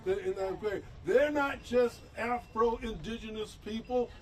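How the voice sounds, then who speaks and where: High-voiced emotional minister at outdoor rally. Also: male voice, measured pace. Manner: emotional, preacherly, rising to shouts. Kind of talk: impassioned rally speech. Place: outdoors at a news conference. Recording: distant outdoor mic with faint noise.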